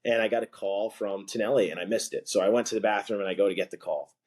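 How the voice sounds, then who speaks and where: A man guest on a podcast, telling stories loosely and chattily, full of "like" and "you know" and quick laughs between phrases. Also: on the low side, darkish tone. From from a blue-collar family. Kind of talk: casual storytelling in conversation.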